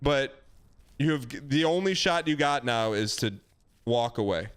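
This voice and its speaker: A man streaming, giving blunt, animated dating advice to a caller. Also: medium pitch, measured pace, clean tone. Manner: blunt, animated, acts out quoted lines. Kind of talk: casual advice chat.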